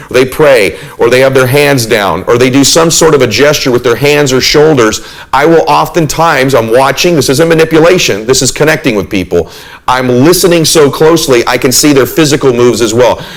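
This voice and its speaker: A man's voice: mid-range voice, low-quality recording. Earnest man giving a motivational talk. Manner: earnest, emphatic, shifts pace and volume to demonstrate. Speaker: motivational speaker.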